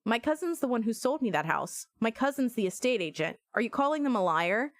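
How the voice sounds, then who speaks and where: A man's voice: extremely high pitch, very animated, a little fast, fairly bright tone, no echo, studio quality, exaggerated voice. An actor playing a curt, pompous man who is easily offended, in full-motion video game dialogue. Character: prickly, pompous middle-aged man.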